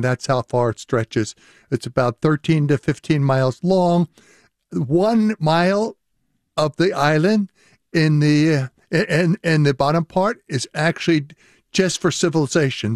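An older man speaks as a radio guest, enthusiastic and a little halting, with a fairly high voice. The studio sound is dry and close. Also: dry recording. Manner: warm, enthusiastic, with small restarts. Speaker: guest, linguistics professor. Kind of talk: radio interview.

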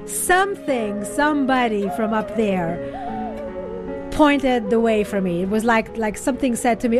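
A woman with a slightly high voice tells her own story as a radio interview guest. She is reflective yet expressive and slips into other voices when she quotes them. Music plays clearly behind her. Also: unhurried.

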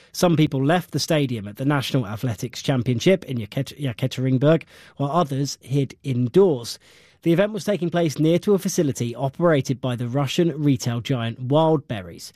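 A man's voice: fairly high pitch, darkish tone, no room sound. Formal male news presenter, dry sound. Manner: crisp, formal delivery. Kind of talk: scripted news reading.

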